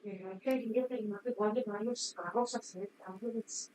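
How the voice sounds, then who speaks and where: Quick-talking woman. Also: medium pitch, steady tone, a little mellow, low-quality recording. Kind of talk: casual chat off-mic.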